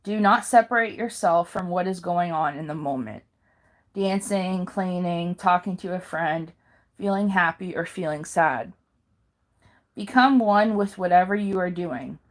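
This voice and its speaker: A woman reading handouts aloud in a careful, halting way, pausing and correcting herself now and then. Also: on the low side. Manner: slow careful reading with pauses and self-corrections. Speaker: video maker.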